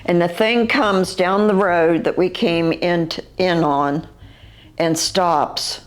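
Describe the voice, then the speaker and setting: An older woman with a West Virginian accent, recounting her own encounter as an eyewitness in a halting, vivid way, with fillers and restarts. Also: fairly low pitch, fairly even intonation.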